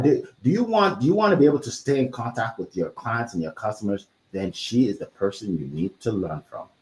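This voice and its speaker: Energetic male host of an online panel. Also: mid-range voice. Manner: energetic, filler-heavy welcomes. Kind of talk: hosting a live online panel.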